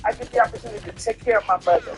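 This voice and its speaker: A man's voice: very high voice, wildly swooping pitch, racing, soft background music. A tipsy man telling a personal story in a casual way, emphatic, repetitive and profane.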